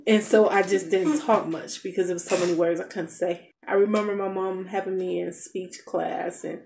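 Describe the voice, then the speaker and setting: A woman's voice: lowish voice, steady tone, moderate pace, creaky, darkish tone. A woman in her thirties telling a rambling story in casual chat, with asides to her kids, in a noisy home. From United States. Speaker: family vlogger, mother. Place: home basement.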